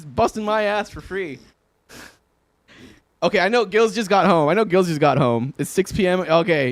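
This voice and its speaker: A man's voice: high voice, dry recording. A young man livestreaming from home, chatting loosely with viewers, laughing often and swearing casually. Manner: laid-back, swears often, laughs a lot. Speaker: livestreaming guitarist. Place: home room.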